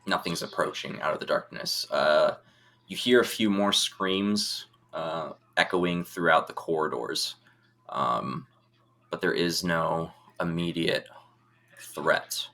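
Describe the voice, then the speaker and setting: A man's voice: deep voice, takes it slowly, sharp tone. A man narrating as game master of an online tabletop game, describing scenes with many fillers.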